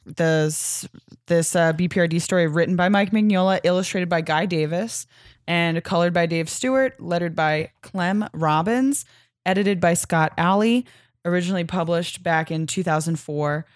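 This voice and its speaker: A woman co-hosting a comics podcast, chatty and giggly, swearing casually in relaxed chat. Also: lowish voice, moderate pace, no echo, clean studio sound. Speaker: podcast co-host.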